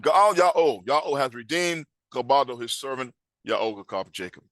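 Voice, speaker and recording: A man teaching a scripture class, emphatic, quizzing his listeners and reading words aloud slowly. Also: mid-range voice, expressive, fairly bright tone, no echo.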